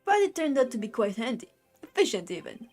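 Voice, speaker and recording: A gruff male strongman with a put-on Brooklyn accent, as a woman puts him on for a game. He barks threats in a gangster drawl and ends his lines with "see?". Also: fairly high pitch, very animated, a little fast, darkish tone. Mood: gruff, menacing. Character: blustering middle-aged male tough-guy minister.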